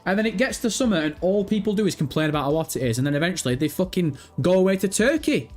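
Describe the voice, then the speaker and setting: A man's voice: high-pitched, animated, fast, few pauses. A young man hosting a gaming livestream, chatting casually, swearing and teasing viewers in chat. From Britain. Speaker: livestream host. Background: faint background music.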